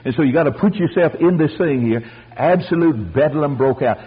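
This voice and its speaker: An older man preaching a folksy storytelling sermon, animated and acting out the voices of the people in his stories. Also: on the high side, normal speed, husky, lo-fi sound. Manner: animated, acts out voices, chuckles.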